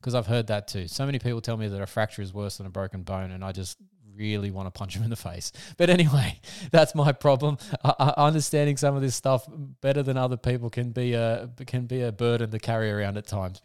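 A man's voice: lowish voice, darkish tone, clean tone, no room sound, studio quality. An Australian man hosting a motorsport podcast, blunt and casual, laughing often and swearing freely. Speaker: podcast host.

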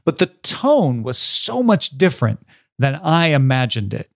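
A man co-hosting a book podcast in a relaxed, jokey chat, laughing often. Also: mid-range voice, measured pace, gravelly, dry recording, studio quality. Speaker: podcast co-host. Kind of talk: casual chat.

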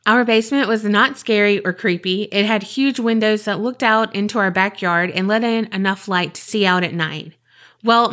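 A woman's voice: mid-range voice, fairly bright tone. A woman with a Southern US accent co-hosting a podcast, reading a listener's email aloud and then chatting casually with lots of fillers and swearing. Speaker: podcast co-host.

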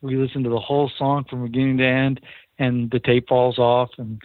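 A man's voice: medium pitch, flat delivery, brisk, no room sound. Guy recounting a studio story, plays out the dialogue, sounds like a phone call, dry. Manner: earnest storyteller who acts out quoted dialogue. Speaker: recording engineer guest. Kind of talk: storytelling in an interview. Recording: tinny phone line, dry.

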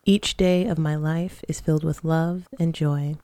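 A woman hosting a podcast who leads slow, calm breathing exercises and guided affirmations in a soothing manner. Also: low-pitched, dry recording. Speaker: podcast host.

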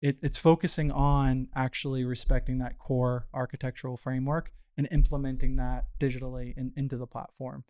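Man, mid-pitch, smooth clear tone; loose conversational guest telling a work story, filler-heavy. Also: a little fast, hardly any pauses. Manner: relaxed, filler-heavy, frequent restarts and "you know". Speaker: startup founder guest.

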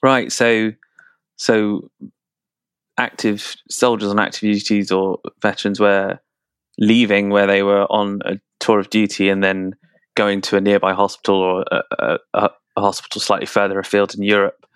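A man's voice: on the low side, level tone, moderate pace, clean tone, no echo. A man hosting a podcast interview, asking questions with many restarts and repeated words. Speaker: podcast host.

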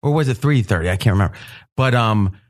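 A man's voice: lowish voice, animated, fast talker. A man leads a casual roundtable talk, and his voice climbs and dips with real animation. He tells his stories at length and keeps breaking into laughter. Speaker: podcast host.

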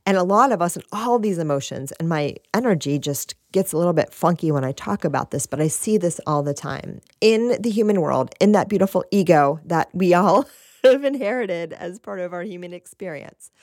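A woman giving a gentle spiritual talk, repeating phrases and asking "right?", with a soft laugh now and then. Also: fairly low pitch, lively intonation, moderate pace, dry recording, studio quality.

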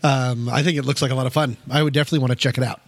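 A man's voice: medium pitch, steady tone, very fast, dry recording. A man co-hosting a casual movie podcast, chatty and self-deprecating, laughing often. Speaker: podcast co-host. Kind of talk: casual chat.

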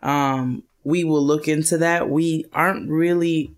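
A woman's voice: sits low, fairly even intonation, unhurried. A woman co-hosting a podcast in casual chat, upbeat and laughing as she reads listener messages aloud. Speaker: podcast co-host.

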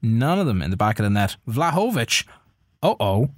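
A man's voice: mid-range voice, moderate pace, dry recording. Irish podcast co-host, young adult man, calls his game as it plays out, dry close mic. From Ireland. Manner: running commentary on his own game, excitable bursts. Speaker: podcast co-host playing a football management game. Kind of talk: casual live-play chat.

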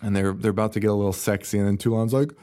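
A young man co-hosting a podcast, casually recapping a movie with lots of swearing, rambling asides and quick imitations of characters. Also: fairly low pitch, flat delivery, warm tone. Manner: profane, rambling, retells scenes with quick put-on quotes. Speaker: podcast co-host.

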